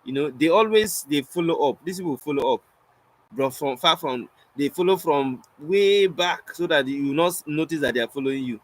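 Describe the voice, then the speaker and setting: A man's voice: fairly high pitch, lively intonation, normal speed, rough recording. A young Nigerian man, a spoken word poet, teaching in a casual storytelling way, acting out both sides of his anecdotes and slipping into pidgin.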